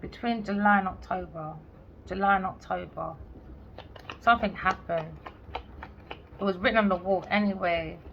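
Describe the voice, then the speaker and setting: Speaking in a creaky mid-range voice at a moderate pace with frequent pauses, a tarot reader gives a casual, blunt and sarcastic reading. She swears freely and acts out imagined lines of dialogue, and the slightly dull lo-fi audio carries faint background noise.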